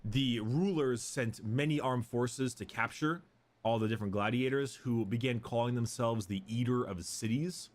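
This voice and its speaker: A man's voice: mid-range voice, moderate pace. A man casually retelling a story in a rambling way, with many fillers. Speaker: lore explainer.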